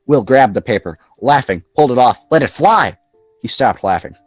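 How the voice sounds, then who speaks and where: A man narrating a novel aloud in an expressive, lively storytelling manner. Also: medium pitch, moderate pace, dry recording, soft background music. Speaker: audiobook narrator. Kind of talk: scripted narration.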